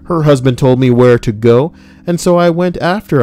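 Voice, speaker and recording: Over soft guitar music, a streamer who reads reddit stories goes through online posts casually, cracking jokes, cursing freely and tossing in asides. His voice sits at medium pitch, a little mellow, with lively intonation and a moderate pace. It's relaxed live commentary, punctuated by laughter and silly put-on voices.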